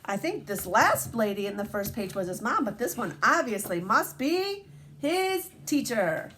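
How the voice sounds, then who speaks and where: Animated woman reading a picture book to kids. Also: fairly high pitch, measured pace, slight background noise. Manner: animated, asks the children questions. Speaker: teacher.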